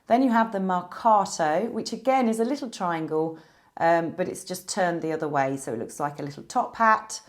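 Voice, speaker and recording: A woman with a slightly low voice teaches a beginner piano lesson. She walks through each symbol patiently, step by step, and explains it plainly. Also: animated, normal speed. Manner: patient, explains clearly with examples.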